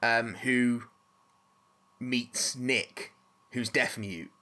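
A man's voice: mid-range voice, steady tone, very slow, pushed and bright. A man hosting a casual chat, rambling with restarts and casual swearing.

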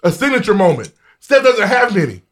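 A man co-hosting a podcast in casual chat, profane and animated, steering the topics. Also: sits high, fairly quick. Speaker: podcast co-host. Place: hot indoor room, game on TV.

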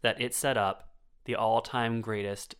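A man's voice: lowish voice, little pitch movement, unhurried, fairly bright tone, clear, resonant tone. A man co-hosting a casual film review podcast, wry and chatty with plenty of fillers. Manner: wry, storytelling, full of fillers.

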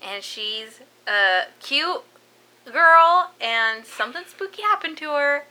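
A woman's voice: high-pitched, expressive, takes it slowly, pushed and bright, poor audio. A woman hosting a casual chat, telling a spooky story and laughing often. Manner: giggly, breaks into laughs while telling.

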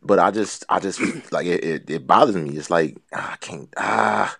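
A man's voice: low-pitched, lively intonation, moderate pace, a bit bright, slightly rough, no room sound, clean studio sound. A man co-hosting a casual podcast chat, talking earnestly and rambling with lots of filler phrases. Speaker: podcast co-host.

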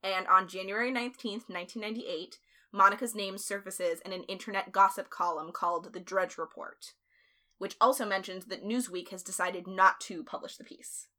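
A woman's voice: medium pitch, fairly even intonation, normal speed, bright, forceful tone. A woman hosting a podcast, recounting events in a chatty, blunt way with lots of fillers and some swearing. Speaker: podcast host. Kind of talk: casual storytelling chat.

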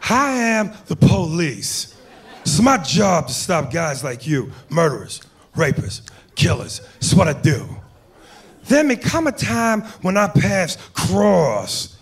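A gruff, intense police detective, as a comedian puts him on, speaking slowly and deliberately with a menacing, brooding edge. The voice sits somewhat high for a man. It comes from a played clip. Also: huge pitch swings, exaggerated voice. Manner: slow, deliberate, brooding delivery. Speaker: comedian doing impressions.

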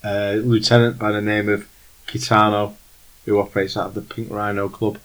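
A man's voice: lowish voice, level tone, moderate pace, fairly bright tone, lightly acted, low-quality recording. A man voicing a tall, thin, very old male fixer in a tabletop game, speaking formally and courteously with a put-on German-ish accent. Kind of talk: tabletop role-play voicing.

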